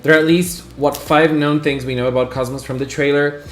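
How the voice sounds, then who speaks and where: Excitable chatty man, roomy echo. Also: on the high side, fairly quick, soft background music. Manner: excitable, chatty, greets chat by name. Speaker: livestream host. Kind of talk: casual live-stream chat with viewers.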